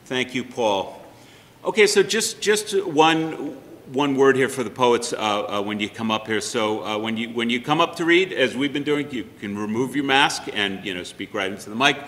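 A man's voice: mid-range voice, lively intonation, normal speed, fairly bright tone. A man as emcee, giving instructions and reading poet bios, hesitant at first with fillers and restarts. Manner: hesitant, with many fillers and restarts, then reading a bio list. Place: library room with long reverb. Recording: reverberant hall.

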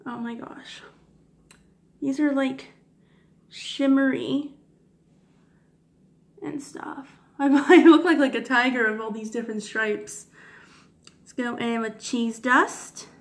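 A woman beauty vlogger swatching makeup for her viewers, gushing and giddy, often apologizing for her technique and dropping into soft whispers. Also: on the high side, level tone, takes it slowly, long pauses. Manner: gushing, giddy, keeps addressing viewers as guys. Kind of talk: casual makeup swatch review.

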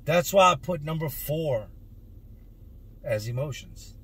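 A man's voice: on the high side, animated, takes it slowly, fairly bright tone, breathy edge. A man in his thirties, a vlogger, telling his own story to camera in an earnest, emotional way, stretching words for emphasis.

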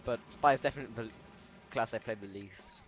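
A man chatting casually while playing a game with a friend, excitable, often stammering and repeating himself. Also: mid-range voice, fast. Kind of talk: casual gameplay chat.

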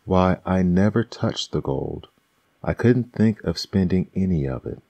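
A man voicing a frantic, greedy old miser in an ASMR bedtime story, crying out slowly in despair. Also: deep voice, expressive, gravelly, dark tone, breathy edge, no room sound, heavily acted.

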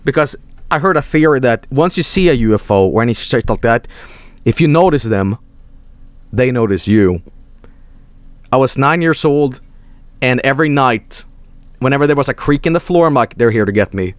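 A young man streaming a game, casually telling a story, cursing a lot and shouting out the voices he quotes. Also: medium pitch, normal speed, long pauses, dry recording. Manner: animated, swearing, mock-shouting quoted voices. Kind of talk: casual storytelling while gaming.

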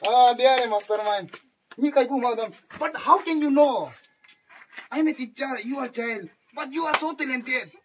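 A man playing a teacher, talking in halting broken English mixed with Hindi and repeating his words. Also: very high-pitched, background noise. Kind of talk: improvised comedy skit.

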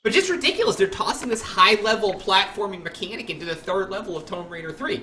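A man's voice: sits high, a little fast, slight background noise. A young man streaming a classic game live, rambling, joking and mocking himself as he plays. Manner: animated, rambling, jokey, self-mocking. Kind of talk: live gameplay commentary.

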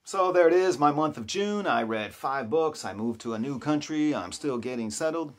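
In his new apartment, a male vlogger tells stories in a chatty, self-deprecating way, often restarting his sentences. His voice is a little high and animated, moving at a normal speed.

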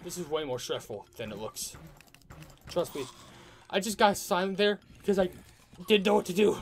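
Excitable let's play commentator. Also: medium pitch, normal speed, slight background noise. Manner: excitable, talks to enemies, frequent outbursts. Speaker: gamer commentating own playthrough.

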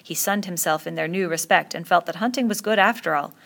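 A woman reading a novel aloud in a steady storytelling voice. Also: fairly low pitch, a little fast, gravelly. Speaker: reader.

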